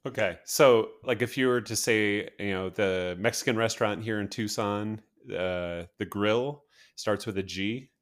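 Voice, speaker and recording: A man co-hosting a casual podcast, speaking hesitantly with many pauses and fillers. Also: fairly low pitch. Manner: hesitant, lots of uh and um, laughs easily. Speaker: podcast co-host. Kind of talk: casual chat.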